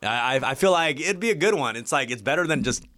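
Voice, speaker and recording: A laid-back man chatting and joking, breaking into laughs often. His voice has a mid-range pitch. The recording is dry and close. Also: lively intonation, quick pace, sharp tone, no room sound. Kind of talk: casual chat.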